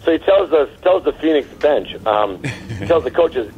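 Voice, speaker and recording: A man in an interview loudly telling a lively anecdote. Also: a little high, moderate pace, narrow, tinny audio, a little hiss or hum. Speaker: former player telling a story.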